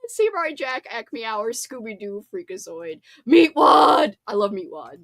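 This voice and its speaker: A woman hosting a casual livestream, chatting and reading viewer comments aloud, giggly and quick to burst into laughter. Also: mid-range voice, big pitch swings, no echo. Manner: giggly, bursts into laughter, playful mock threats. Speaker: livestream host.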